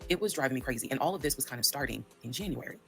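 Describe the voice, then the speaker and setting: A woman's voice: very deep voice, expressive, racing, creaky, faint music behind. A woman telling her own story in a candid, profane way, acting out the dialogue she quotes. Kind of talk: storytime monologue.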